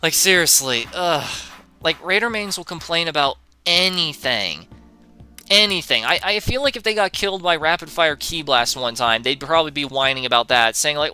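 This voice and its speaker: Bright, sarcastic young streamer man. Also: a little high, animated, moderate pace, clear, resonant tone, soft background music. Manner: sarcastic, profane, often laughing. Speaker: game streamer. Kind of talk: live-stream commentary answering chat.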